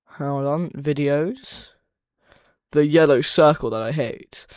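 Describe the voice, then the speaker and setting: A man's voice: fairly high pitch, slow pace, darkish tone, clean tone, no room sound, studio quality. A young man live-streaming, chatting casually with viewers in a rambling, hesitant way with lots of fillers. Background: faint background music.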